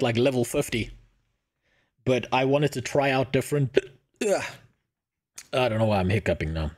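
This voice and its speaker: A man streaming a casual reaction, chatting in an excitable, rambling, jokey way with restarts. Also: on the low side.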